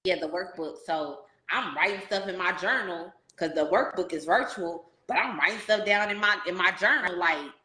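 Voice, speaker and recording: Podcast host, woman, lower pitch, bright tone, lively slangy storyteller, roomy echo. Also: moderate pace, hardly any pauses. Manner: animated storyteller, slangy, addresses listeners as y'all. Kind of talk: casual podcast interview.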